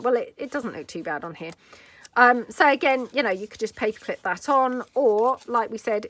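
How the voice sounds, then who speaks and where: A woman's voice: mid-range voice, a bit bright, a little hiss or hum. A woman hosting a casual craft tutorial, rambling and chatty with lots of filler asides as she works at her craft table. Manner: rambling, full of "you know" fillers, friendly asides.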